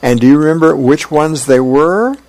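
A man's voice: on the high side, normal speed, a little mellow, dry recording, pitched above the performer's own voice, close to an everyday voice. A man voicing a fussy, insistent middle-aged husband from a comic strip. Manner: nagging, insistent questioning.

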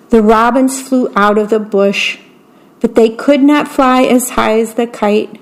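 A woman reading a children's bedtime story aloud as a volunteer radio reader, in a slow, clear, gentle way. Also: a little high, fairly even intonation.

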